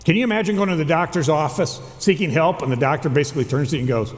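A man's voice: on the high side, very fast, few pauses. A man who is a chaplain preaching a sermon, asking the congregation question after question and answering them himself. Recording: long hall reverb.

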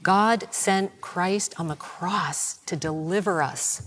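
A woman preaching a sermon in a slow, reflective, prayerful way, her voice sinking toward a whisper. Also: on the low side, a bit bright, slight background noise.

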